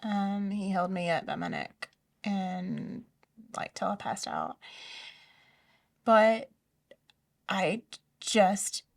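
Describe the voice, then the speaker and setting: A woman telling her personal story in an interview, soft-spoken and hesitant, often dropping to a near whisper. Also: medium pitch, wildly swooping pitch, slow pace, pauses often, distant mic. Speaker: interview guest. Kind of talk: personal testimony in a conversation.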